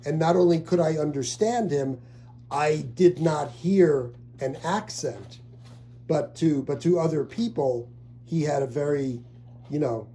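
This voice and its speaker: A man's voice: on the high side, measured pace, warm tone. A middle-aged man in casual family conversation, asking about a relative and rambling through restarts and fillers.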